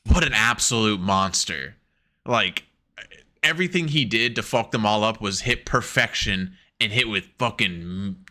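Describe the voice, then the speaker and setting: A man co-hosting a casual wrestling podcast on a headset, swearing freely and often laughing as he acts out quotes in a higher voice. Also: sharp tone. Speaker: podcast co-host. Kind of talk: casual chat.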